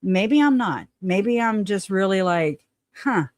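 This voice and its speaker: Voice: medium pitch, animated, slow, no echo. Blunt, laughing livestream host, dry sound. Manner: blunt and opinionated, swears, laughs often. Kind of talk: casual livestream chat reading viewer comments.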